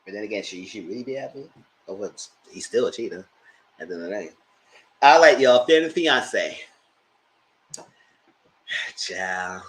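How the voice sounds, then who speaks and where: A man hosting a casual TV recap, chatty and animated, laughing often and breaking into excited outbursts. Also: lowish voice, moderate pace, pauses often. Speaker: TV recap host. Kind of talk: casual live TV review commentary.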